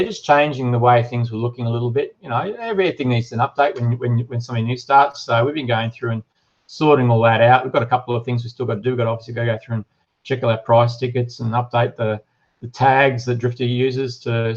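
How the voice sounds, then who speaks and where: A man's voice: medium pitch, muffled recording. A middle-aged Australian man hosting a casual live stream, reading viewer comments aloud and chatting with lots of ums and uhs. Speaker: livestream host and shop owner.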